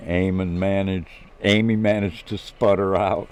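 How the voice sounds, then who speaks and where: A man's voice: sits low, a little slow, hardly any pauses, darkish tone. A man reading his own first-person story aloud in a plain storytelling manner with small restarts.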